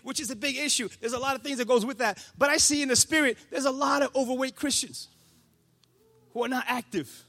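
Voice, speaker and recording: Pastor guy preaching, really high bright voice, fired up and pushy. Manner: passionate, preaching with rising shouts. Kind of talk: sermon.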